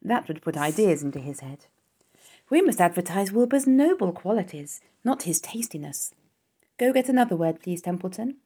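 A woman voicing a kind, clever female spider in a storybook reading, bright and commanding but affectionate. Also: on the low side, very animated, normal speed, husky. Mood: persuasive.

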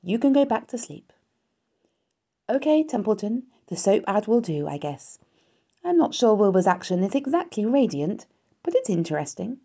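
A woman voicing a kind, clever female spider in a storybook reading, bright and commanding but affectionate. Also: medium pitch, big pitch swings, normal speed, slightly rough, pitched above the performer's own voice. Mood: gentle.

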